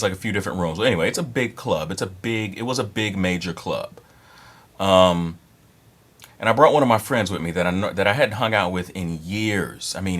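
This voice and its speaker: A man in his thirties with a low, fairly bright voice gives dating advice in a rambling, casual monologue. He's blunt and profane, with lots of fillers and restarts.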